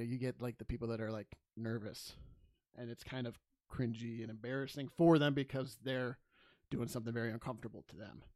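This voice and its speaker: A man's voice: medium pitch, no room sound, clean studio sound. A man co-hosting a casual podcast, telling stories with lots of laughter and casual swearing. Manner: animated storyteller, laughs often, swears casually. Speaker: podcast co-host.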